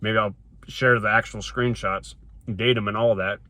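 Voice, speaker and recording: A man's voice: fairly low pitch, steady tone, normal speed, sharp tone. A man telling a personal story to a phone camera from inside his car, rambling and emphatic, with frequent restarts. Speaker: vlogger.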